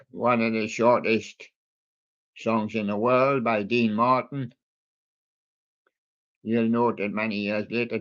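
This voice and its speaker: A man hosting a livestream, chatting slowly and jokily as he reads out a list of old songs, with many ums and rambling asides. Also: fairly low pitch, fairly bright tone, muffled recording. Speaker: livestream host reading out a music playlist. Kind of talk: casual running commentary between old songs.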